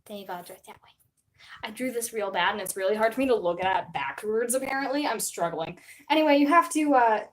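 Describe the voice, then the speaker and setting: A young woman streamer chatting casually to her viewers. Her voice sits a little high, and she tells her story with lively swings between loud outbursts and quiet asides. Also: fairly quick, poor audio. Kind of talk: casual live-stream chat.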